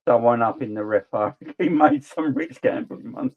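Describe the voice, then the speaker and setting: A man in his forties with a South East London accent, hosting a football livestream and ranting passionately between relaxed chat with viewers. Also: mid-range voice, normal speed, vocal fry, narrow, tinny audio. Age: 40s. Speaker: football channel livestream host.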